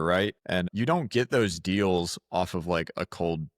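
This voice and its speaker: A man's voice: low voice, measured pace, no room sound, studio quality. A man hosting a podcast, talking casually and hyping up his guest. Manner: relaxed, hypes up his guest. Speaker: podcast host.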